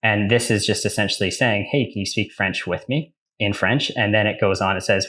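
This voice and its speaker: Young man, very low voice, casual tutorial host, chatty, corrects himself, reads prompts slowly. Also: sharp tone. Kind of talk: casual screen-share tutorial.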